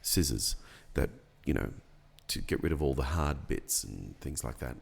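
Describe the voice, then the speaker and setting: A middle-aged man, telling a personal story in a casual podcast chat, unhurried and reflective with many pauses and ums. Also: extremely low pitch, expressive, vocal fry, husky. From Australia. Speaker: podcast guest.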